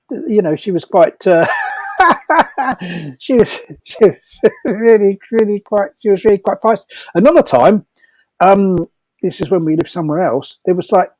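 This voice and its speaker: A man's voice: a little high, a little mellow, no room sound. An older man telling rambling stories casually, laughing often and restarting his sentences. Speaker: storyteller at a comedy fundraiser. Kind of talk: casual anecdotal storytelling.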